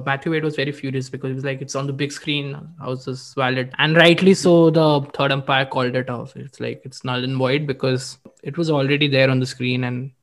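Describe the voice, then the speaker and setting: Indian man chatting cricket, Hindi-mixed. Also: mid-range voice. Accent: Indian English. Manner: mixes Hindi into English, animated storytelling. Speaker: podcast co-host. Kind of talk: casual cricket chat.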